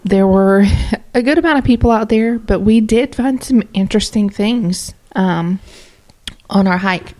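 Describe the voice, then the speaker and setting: A woman's voice: medium pitch, a little slow, warm tone. A woman co-hosting a paranormal radio show who tells a story in a chatty, rambling way with many fillers. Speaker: co-host. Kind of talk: casual podcast chat.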